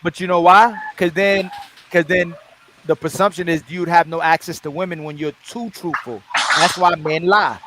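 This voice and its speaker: Young man hosting, fairly high voice. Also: fairly even intonation, moderate pace, pushed and bright, a little hiss or hum. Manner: frequent agreeing interjections, repeats words when starting. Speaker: host. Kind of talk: casual debate talk.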